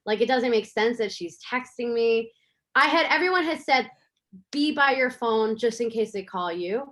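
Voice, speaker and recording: A woman filmmaker in a casual interview, telling her story in an animated, chatty way with lots of fillers, over a video call. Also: on the high side, normal speed. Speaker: filmmaker guest.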